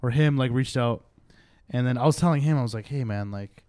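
A man's voice: mid-range voice, brisk, clear, resonant tone, no echo, clean studio sound. A man casually telling a long anecdote, acting out the lines of the people in it. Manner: animated anecdote telling, acts out quoted dialogue. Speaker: guest. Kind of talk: casual chat, storytelling.

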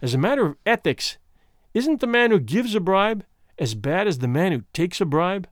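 A calm, scheming husband who soothes and mocks at once, as a man reading a story puts him on. His pitch sits slightly high and moves a lot. The sound is close and dry, like a storybook reading. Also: normal speed, dry recording. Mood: smooth mocking. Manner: soothing, ironic. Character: calm scheming husband, smooth, mocking and mercenary. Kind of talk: audiobook character voice.

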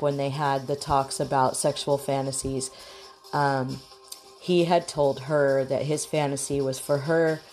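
A woman's voice: very deep voice, a little mellow. A woman hosting a talk show, chatting frankly and casually, acting out the lines she quotes. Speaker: podcast host.

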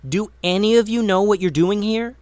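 A man voicing a bold, direct young woman archer in a read-aloud story, speaking in a sharp, raised voice. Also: sits high, moderate pace, clear, resonant tone, no room sound, pitched above the performer's own voice, lightly acted. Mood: demanding.

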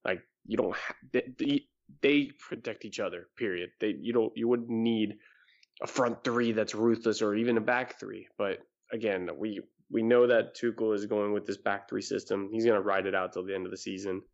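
A man with a lowish voice talks through his points bluntly and with emphasis. It is casual sports chat between co-hosts. The audio sounds dull and lo-fi. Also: fairly even intonation, moderate pace. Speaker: podcast co-host.

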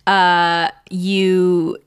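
A woman's voice: fairly low pitch, flat delivery, very slow, smooth. A woman co-hosting a podcast, chatting casually and playfully with frequent laughs. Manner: giggly, playful. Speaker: podcast co-host. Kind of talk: casual chat.

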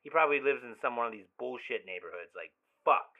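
A man's voice: mid-range voice, lively intonation, quick pace, close to an everyday voice. An actor playing an obsessive young man who leaves rambling, swearing, overly familiar voicemails in an audio drama. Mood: agitated. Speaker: caller leaving voicemails. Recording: tinny phone-line voicemail.

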